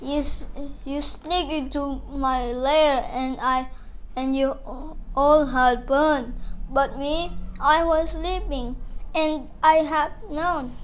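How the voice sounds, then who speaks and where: A woman's voice: high voice, steady tone, slow pace, a little hiss or hum, rough recording. A woman voicing a big bear who was woken up and feels left out, in a children's storybook reading, sulky and complaining.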